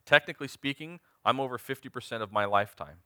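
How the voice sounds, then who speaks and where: A man in his forties preaches a sermon in a mid-range voice that is fast, pushed and bright. He is earnest and emphatic and puts direct questions to the congregation. The studio-quality recording has no echo.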